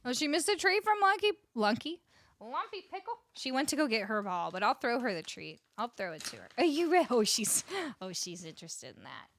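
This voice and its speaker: A woman's voice: fairly high pitch, big pitch swings, a little fast, a bit bright. A Canadian woman, a musician, chatting casually with viewers on her home livestream between songs and cooing at her dog, close to a studio mic. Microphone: studio vocal mic close up.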